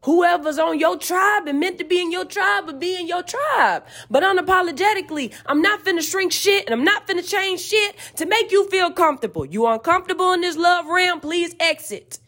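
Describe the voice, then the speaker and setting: Fiery, profane woman with a lively high voice. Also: normal speed, few pauses. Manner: profane, fiery, preachy and emphatic. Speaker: podcast host. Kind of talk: emphatic spiritual rant.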